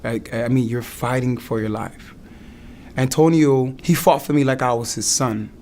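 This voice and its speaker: A young man earnestly recounting a hard experience in his own words, halting and restarting as he goes. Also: medium pitch, fairly even intonation, darkish tone, a little hiss or hum. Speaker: client giving a testimonial. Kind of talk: emotional personal testimonial.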